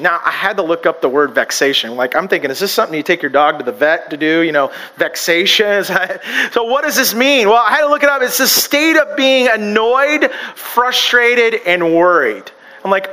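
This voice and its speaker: A man's voice: sits high, expressive, normal speed, sharp tone, low-quality recording. A pastor preaching a sermon in a chatty way, with joking asides and personal stories, often stumbling and restarting his sentences. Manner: conversational, joking asides and self-deprecating stories.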